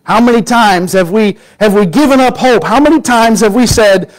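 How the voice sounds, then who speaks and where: Man preacher, higher voice, lively sermon delivery that swings between raised quotes and quiet emphasis. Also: moderate pace, hardly any pauses, low-quality recording. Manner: animated storytelling, acting out quoted voices, drops to a near-whisper for emphasis.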